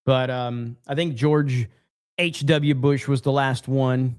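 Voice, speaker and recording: A man hosting a casual political reaction show, opinionated and halting, with frequent fillers. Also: mid-range voice, steady tone, a little mellow, clear, resonant tone. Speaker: political commentary host.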